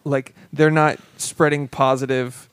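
A man co-hosting a casual podcast, talking in a rambling, excitable way with lots of fillers. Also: medium pitch, unhurried, clean tone, no echo. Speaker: podcast co-host.

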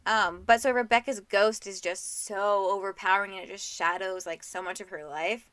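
A young woman co-hosting a casual book podcast, chatty and quick to laugh, filling her talk with "like.". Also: mid-range voice, fairly even intonation, a bit bright, dry recording. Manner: chatty, laughs often, lots of "like". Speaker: podcast co-host.

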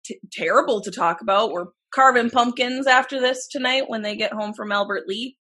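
A woman chatting casually as co-host, playful and quick to laugh and joke. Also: a little high, sharp tone. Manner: giggly, playful, chimes in with jokes. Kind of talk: casual chat.

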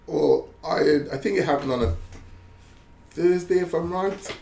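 A man's voice: fairly high pitch, unhurried, gravelly, dark tone. A man, a former footballer, telling rambling stories in casual chat, laughing and correcting himself as he goes. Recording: roomy echo with faint background noise.

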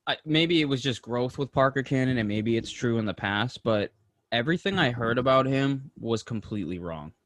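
Excited bro telling a story. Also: male voice, medium pitch, moderate pace, no room sound. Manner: excited, animated storytelling with lots of swearing and slang. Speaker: podcast co-host. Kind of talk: casual storytelling chat.

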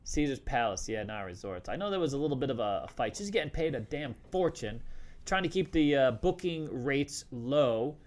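A man's voice: mid-range voice, animated, moderate pace. A man hosting a casual live stream, talking loosely and joking with lots of restarts. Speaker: host.

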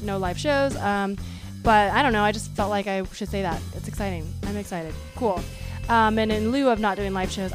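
Woman host rambling into a desk mic, upbeat, going hoarse, music playing under her. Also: mid-range voice. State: losing her voice. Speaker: podcast host. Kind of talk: casual podcast chat. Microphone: studio microphone at a desk.

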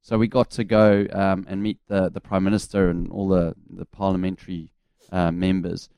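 Low-voiced New Zealand ex-cricketer telling stories. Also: male voice, normal speed, creaky, clear, resonant tone, no room sound, studio quality. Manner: relaxed anecdotal storytelling with fillers. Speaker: former cricketer, radio guest. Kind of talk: casual radio chat.

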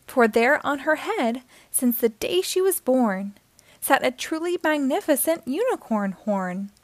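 Reading a rhyming children's picture book aloud, a high-voiced woman keeps a gentle, lilting, sing-song rhythm and never hurries. The audio is close and dry, with no room echo.

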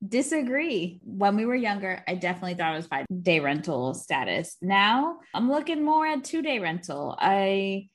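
A woman's voice: medium pitch, expressive, moderate pace, few pauses. A woman co-hosting a casual movie podcast, candid and blunt, laughing often and swearing casually. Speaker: podcast co-host. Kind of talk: casual chat.

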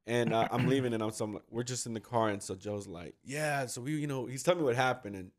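A man's voice: medium pitch, fast. A young man telling a rambling story in casual chat, full of fillers and swearing.

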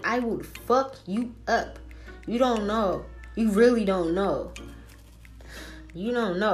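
A woman hosting a spiritual podcast alone, ranting in a brash, profane, trash-talking way. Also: medium pitch. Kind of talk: casual solo podcast rant.

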